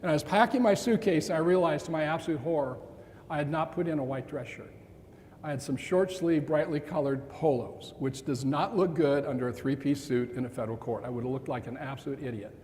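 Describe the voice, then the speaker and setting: Man in his sixties telling a story in a hall. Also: fairly high pitch. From Montana. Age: 60s. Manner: animated, with dramatic pauses and quoted dialogue. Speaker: keynote speaker. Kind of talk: storytelling talk to an audience. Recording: long reverb in a large hall, faint room noise.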